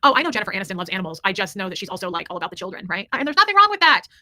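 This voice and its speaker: A woman's voice: mid-range voice, sing-song, very fast, bright, forceful tone. A woman hosting a livestream, reading super chats in a rambling, emphatic way and swearing freely. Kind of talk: casual livestream chat.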